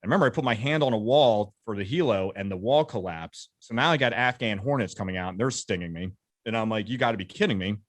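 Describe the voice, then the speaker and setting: A man in his thirties tells war stories at a quick clip, slipping into the voices of the people he met. His voice sits a little low. The sound is dry and close, with no room around it. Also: lively intonation, no room sound. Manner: brisk, vivid war storytelling with quoted dialogue. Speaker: interview guest, combat veteran. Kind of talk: casual storytelling interview.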